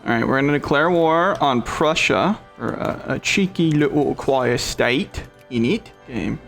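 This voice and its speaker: A man's voice: a little high, very animated, unhurried, vocal fry, a bit bright, faint music behind. A man giving casual, irreverent commentary on a strategy game he is playing, joking and laughing as he goes. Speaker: gameplay commentator.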